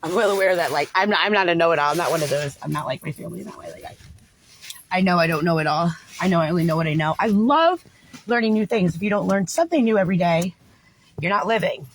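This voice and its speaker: A woman's voice: on the low side, fast talker, slight background noise. A woman talking unscripted on a livestream, rambling and agitated, with frequent swearing. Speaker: livestream host.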